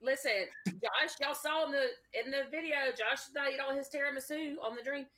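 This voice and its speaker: A woman's voice: high voice, fairly quick, sharp tone. A woman co-hosting a casual live stream, teasing and laughing often. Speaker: podcast co-host.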